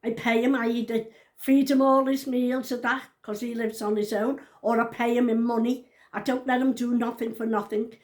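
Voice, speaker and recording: A woman's voice: a little high, level tone, moderate pace, a little mellow. A woman in her sixties with a slightly raised voice chats straight to camera in a casual vlog. She is blunt and outspoken, swears without apology and hammers her points home by saying them twice. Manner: emphatic, repeats points. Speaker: vlogger.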